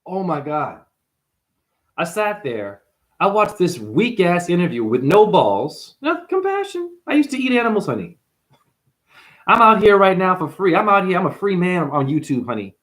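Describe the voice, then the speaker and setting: A man's voice: sits high, very animated, moderate pace, fairly bright tone. A man giving a confrontational, preachy monologue as a spiritual teacher, calling the listener honey. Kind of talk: ranting monologue.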